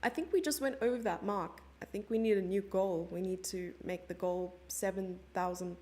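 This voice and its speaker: A woman's voice: mid-range voice, fairly even intonation, normal speed, a little mellow. A young South African woman commentating a chess stream live and chatting with her viewers in a giggly, casual way. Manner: chatty, giggly, reads chat messages aloud.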